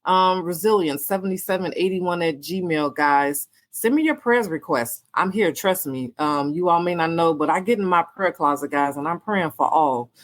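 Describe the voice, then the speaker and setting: A woman. She talks casually and warmly, repeating her thanks and encouragement, with lots of "um"s. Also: fairly low pitch, moderate pace, hardly any pauses. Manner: warm, repetitive, faith-filled encouragement with many fillers. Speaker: podcast host. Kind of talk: casual podcast sign-off.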